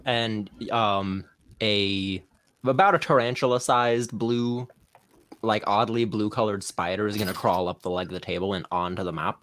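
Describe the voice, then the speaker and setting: A game master narrating a tabletop game in a chatty, lively way. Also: medium pitch, moderate pace.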